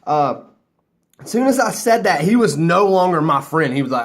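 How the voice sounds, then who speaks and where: A man's voice: high-pitched, animated, normal speed. An American man telling a rambling story casually to camera, loose and a few drinks in. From United States. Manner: rambling, laughing, loose and chatty. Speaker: vlogger.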